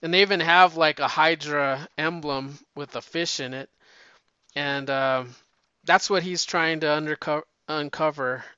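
A man's voice: on the high side, steady tone, unhurried, sharp tone, clear, resonant tone, no echo. A man chatting casually and rambling about comics, swearing freely and restarting sentences, on a dull lo-fi recording. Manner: rambling, profane, frequent restarts. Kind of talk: casual chat.

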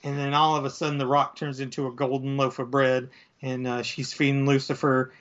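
A man's voice: medium pitch, level tone, fairly quick, a bit bright. A man casually retelling a comic book story, rambling with lots of fillers and acting out bits. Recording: dull lo-fi sound.

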